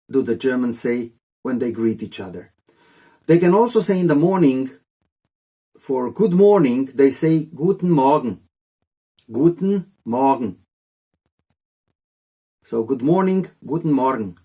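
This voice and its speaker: A man's voice: a little high, dark tone. A man teaching a casual video lesson in a chatty, rambling way with jokey asides. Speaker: language teacher.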